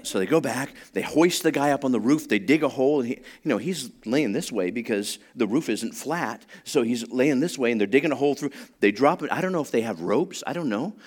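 This pastor's sermon unfolds as a lively, humorous story in which he imitates the voices of its characters. His voice sits in the mid-range, and he talks a little fast.

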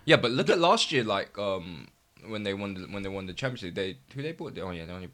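A young man chatting casually about football on a podcast, animated, swearing and laughing often. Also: fairly low pitch, fast. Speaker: podcast co-host.

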